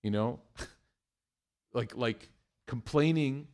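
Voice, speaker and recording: A middle-aged man giving a religious talk, telling a family story in an animated way, acting out quotes and using Arabic phrases. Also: medium pitch, takes it slowly. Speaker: Muslim speaker.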